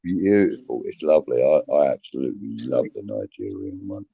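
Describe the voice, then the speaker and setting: A man's voice: rumbling low, sing-song, brisk, vocal fry, breathy edge, no echo. Rambling storyteller man in his 50s, muffled. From southeast England. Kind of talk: casual chat. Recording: dry muffled lo-fi audio.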